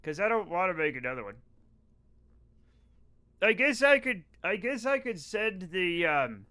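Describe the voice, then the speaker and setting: A man with a high, sharp, clean-sounding voice streams a space game live. He rambles and cracks jokes, chatting with his viewers as he plays in a casual gaming livestream.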